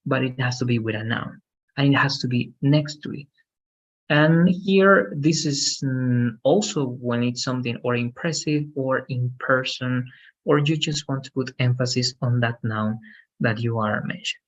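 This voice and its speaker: A man's voice: medium pitch, lo-fi sound. A man teaching English grammar one-on-one, explaining patiently and checking for understanding with frequent "okay?".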